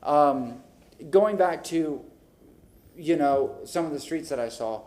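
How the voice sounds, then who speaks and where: A man's voice: on the high side, slow pace. Frustrated man at a council meeting. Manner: animated, airing frustrations, acts out conversations. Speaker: city council member. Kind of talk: speaking at a public meeting. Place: city council chamber.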